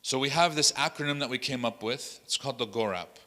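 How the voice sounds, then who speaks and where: Brisk and pushed, with a bright mid-range voice, a man leads a workshop lecture as imam in a large hall at an Islamic center. He tells stories with animation, acting out people's words, and slips Arabic phrases into his English.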